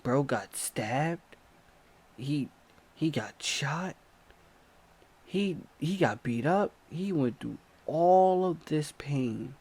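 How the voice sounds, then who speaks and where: A young man telling a story in a casual vlog, animated and slangy, swinging from low mutters to excited outbursts. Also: drawn-out words, pauses often, husky. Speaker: storytime vlogger.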